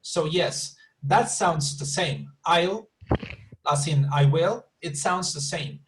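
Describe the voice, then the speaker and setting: A man's voice: a little high, expressive, takes it slowly, noisy background. Patient man teaching English online. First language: Spanish. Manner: patient, repeats and rephrases, checks understanding. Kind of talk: online class instruction.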